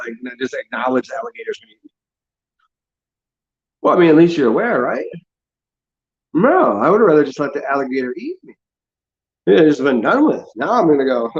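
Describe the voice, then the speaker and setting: Gravelly sarcastic man on a lo-fi stream. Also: very animated, brisk, long pauses. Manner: sarcastic, mocks people in high put-on voices, swears. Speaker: livestream host. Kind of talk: casual rambling livestream chat.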